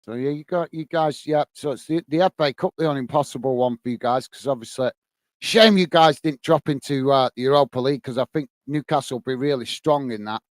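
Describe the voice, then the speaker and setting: Commentating a live football watchalong, an English host talks casually with viewers, calling them mate and guys. His medium-pitched voice moves fairly quickly, with no room sound.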